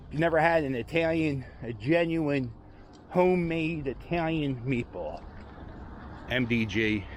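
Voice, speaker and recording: A walking tour vlogger with a mid-range voice wanders a city street outdoors, talking casually and rambling while making fun of himself. A slight hiss or hum is audible.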